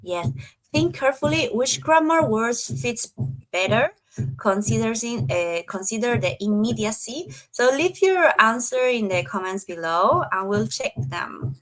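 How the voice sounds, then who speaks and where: Woman teaching chinese grammar, slow and careful, kinda high voice. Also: lively intonation, poor audio. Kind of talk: grammar lesson.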